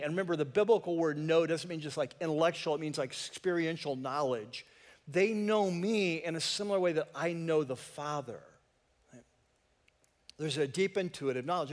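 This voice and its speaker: A man preaching a sermon to his congregation, talking conversationally and throwing in joking asides. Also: fairly high pitch. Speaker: pastor. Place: church sanctuary. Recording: long reverb of a church hall.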